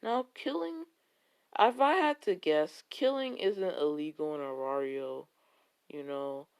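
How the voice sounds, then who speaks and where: A man's voice: a little high, a little slow, clean tone. Rambling man telling a fan story. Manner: rambling, full of filler words. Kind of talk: improvised fan fiction narration.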